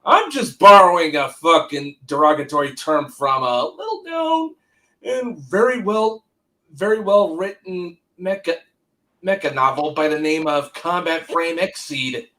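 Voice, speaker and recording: A man's voice: on the high side, expressive, a little slow, pushed and bright. A man joining a livestream chat, crude and scoffing, swearing freely. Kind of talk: casual ranting chat.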